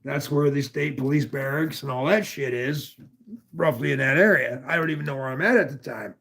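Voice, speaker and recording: A man's voice: mid-range voice, brisk, creaky, a bit bright. A man from northwestern Pennsylvania telling a long story in casual chat, rambling and profane with many asides.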